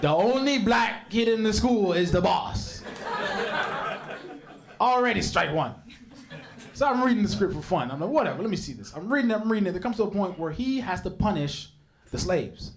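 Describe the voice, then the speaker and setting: Young male comic on stage, higher voice that swings all over, animated storyteller, works the crowd. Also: normal speed, noisy background. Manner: animated storytelling with big voice jumps for quoted people; banters with the crowd. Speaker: stand-up comedian. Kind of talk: stand-up comedy set. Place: comedy stage before a live audience.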